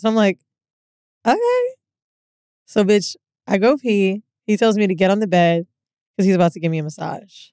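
A woman's voice: medium pitch, fairly quick, dry recording. A young woman co-hosting a podcast, telling a candid story in casual chat and acting out what people said. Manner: candid, animated storyteller who acts out quotes. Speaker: podcast co-host.

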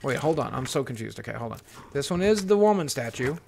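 A man giving live gameplay commentary as a streamer, excitable and swearing, panicking and talking to his chat. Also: mid-range voice, fast, gravelly, a little hiss or hum. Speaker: gaming streamer.

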